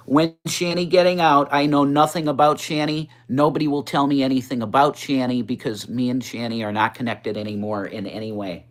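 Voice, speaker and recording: A man on a casual livestream, talking straight into his phone as he answers viewers' comments. His voice sits at an ordinary middle pitch, but it jumps higher when he gets excited. He is blunt and swears a lot. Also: a little fast, hardly any pauses. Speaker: livestream host.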